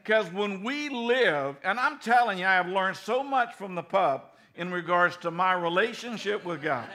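A middle-aged man preaching a sermon in a folksy, animated way, swinging from loud bursts to soft, low passages. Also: normal speed. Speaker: pastor.

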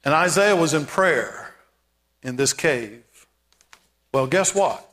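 A man preaching a sermon as pastor, emphatic, with repeated calls and rising shouts. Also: a little high, lively intonation, slow pace, long reverb tail.

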